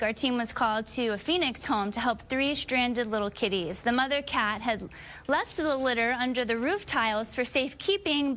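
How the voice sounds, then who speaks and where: A woman host with a bright, polished delivery, reading scripted segments about rescued pets. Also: on the high side.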